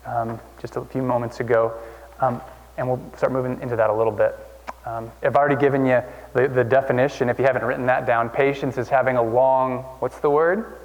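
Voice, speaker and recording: A man's voice: mid-range voice, darkish tone, in a large hall, poor audio. A man preaching a sermon as a pastor, conversational and self-deprecating, with many restarts.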